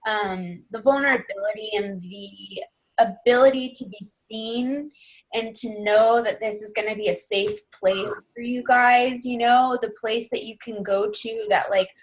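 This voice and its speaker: A woman's voice: fairly high pitch, steady tone, a little slow. A young woman leading a team call as a fitness coach, speaking earnestly in a rambling, casual way full of fillers. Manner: earnest, rambling, heavy on fillers like "you know" and "like".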